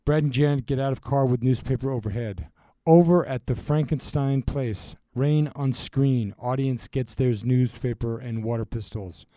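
A man reading a script aloud, speaking cues and stage directions in a flat, plain way. His voice is mellow, and the recording is dry and close. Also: mid-range voice, normal speed, no echo. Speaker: reader.

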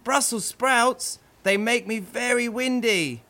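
A man's voice: very high-pitched, slow, bright, forceful tone, pitched above the performer's own voice, heavily acted. A man voicing a worried, pleading Santa Claus in a storybook tale. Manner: fretful, pleading. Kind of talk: storybook character voice.

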